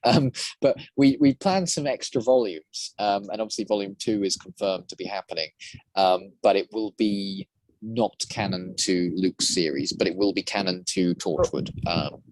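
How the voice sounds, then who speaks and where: A man's voice: deep voice, normal speed, a little mellow, dry recording. A man speaking as a guest voice actor and prop maker in casual podcast chat, rambling with many restarts.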